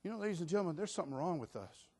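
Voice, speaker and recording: A male pastor delivering a sermon in a slightly high-set voice. He moves from quiet, intimate passages to loud, impassioned cries, and tells stories as he goes. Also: animated, racing, husky. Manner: dynamic preaching, swinging from hushed to shouting.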